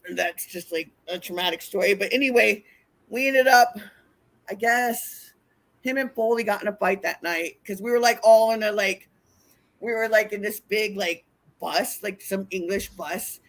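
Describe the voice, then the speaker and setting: A woman telling wild road stories in casual chat, animated and profane, acting out what people said. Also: mid-range voice, normal speed. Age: older. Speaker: wrestling interview guest. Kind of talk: casual storytelling.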